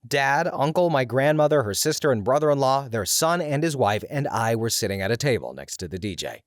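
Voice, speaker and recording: A man narrating scripted stories in an expressive, animated way. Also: mid-range voice, a little fast, dry recording, studio quality. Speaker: story reader.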